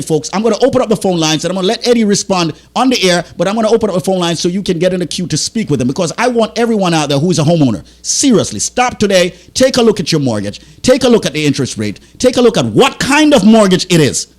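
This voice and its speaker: A man on a studio microphone hosts a radio show in a high, swooping voice, and his pitch leaps as he pleads with the audience. He sounds agitated and pumped up, stumbling over his words as he pushes them to act. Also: big pitch swings, fast. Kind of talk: impassioned radio sales talk.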